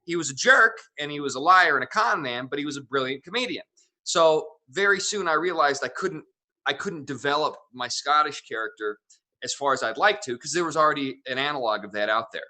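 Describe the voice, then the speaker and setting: A man's voice: on the high side, lively intonation, fairly quick, sharp tone. A man in his thirties from Wyoming, a comedian guest telling stories in a wordy, playful way. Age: 30s. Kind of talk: casual interview chat.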